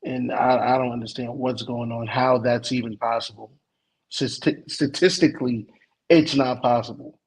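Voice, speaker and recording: A man's voice: medium pitch, steady tone, moderate pace, slightly rough, poor audio. A man co-hosting a casual sports chat, offering laid-back, wry interjections.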